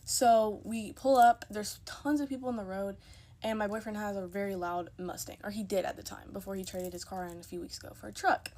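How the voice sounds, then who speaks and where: A woman's voice: medium pitch, fairly even intonation, brisk, darkish tone. A young woman telling a casual storytime into her phone, chatty and emphatic, acting out the people in her story.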